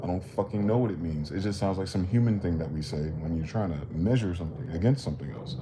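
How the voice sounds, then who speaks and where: Low-voiced man musing in street slang. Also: lively intonation, quick pace, noisy background. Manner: profane, questioning, street slang. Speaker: livestream host. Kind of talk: rambling philosophical monologue.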